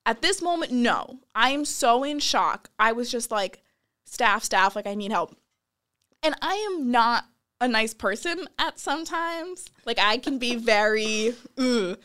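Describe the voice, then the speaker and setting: Young woman telling a wild story, kinda high voice, laughs a lot, acts out the quotes. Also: expressive, unhurried, fairly bright tone. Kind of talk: casual storytelling.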